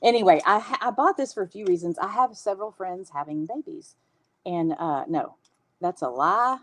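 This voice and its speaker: A woman's voice: lowish voice, lively intonation, normal speed, fairly bright tone. A woman in her fifties with a Southern US accent, hosting a casual livestream and chatting with viewers, laughing often. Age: 50s. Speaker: host.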